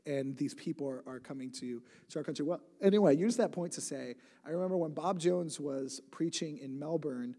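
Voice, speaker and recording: A man in his late twenties speaks from a church stage with a slightly high voice. His sermon wanders through loose, conversational stories, full of restarts and jokes. A long hall reverb trails after every phrase. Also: warm tone. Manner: rambling, self-interrupting, conversational with humor. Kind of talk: sermon storytelling.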